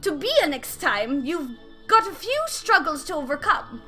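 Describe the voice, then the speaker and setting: A woman's voice: high voice, big pitch swings, moderate pace, pushed and bright, soft background music, exaggerated voice. A woman voicing a regal, teasing fey pixie king in a put-on Scottish accent, with a theatrical, sing-song manner. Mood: grand.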